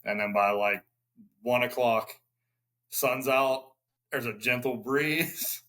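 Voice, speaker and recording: A man's voice: mid-range voice, slow, sharp tone. A man on a podcast recounting events in a matter-of-fact way. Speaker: podcast participant. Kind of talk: casual podcast conversation.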